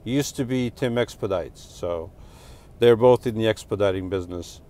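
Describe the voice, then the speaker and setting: A man's voice: fairly low pitch, normal speed, dark tone. A middle-aged man from Portugal with a New Jersey and New York accent, hosting a casual live stream, rambling and joking as he reads comments. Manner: rambling, self-correcting, joking.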